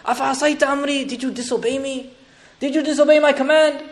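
A furious prophet , as a preacher puts him on, hurls demanding questions at his brother in a raised, rapid voice. The pitch climbs well above the man's normal talk. He sounds agitated and accusing. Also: fairly even intonation. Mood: exasperated.

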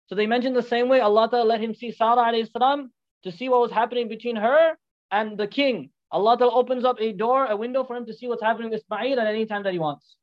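A rapid preacher retells a story in a flowing sermon and keeps checking in with listeners with quick "right?"s. Short Arabic phrases are woven through the telling. The recording sounds muffled and lo-fi. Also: medium pitch. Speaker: religious teacher. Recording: dull lo-fi recording.

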